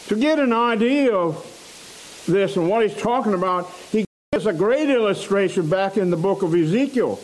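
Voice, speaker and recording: A man preaching a sermon in a church, slow and emphatic, repeating phrases for stress. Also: high-pitched, expressive, slight background noise, low-quality recording.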